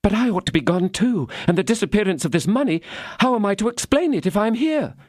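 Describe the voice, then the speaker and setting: A woman's voice: mid-range voice, lively intonation, fast, darkish tone, no echo, clean studio sound, voice pushed up, lightly acted. A man voicing a frightened, urgent young woman. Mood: alarmed. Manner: pleading, breathless urgency. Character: anxious young woman, loyal and fearful.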